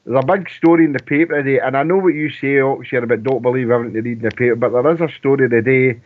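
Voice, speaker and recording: A man's voice: mid-range voice, steady tone. Scottish man on a tinny phone line. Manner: rambling, halting with many restarts. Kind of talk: casual football chat.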